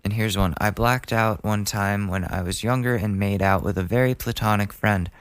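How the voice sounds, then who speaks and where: A man's voice: lowish voice, steady tone, normal speed, no room sound. A man in his twenties hosting a casual advice podcast, reading listener letters and joking about them. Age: 20s. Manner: chatty and joking, laughs at his own lines. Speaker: podcast host.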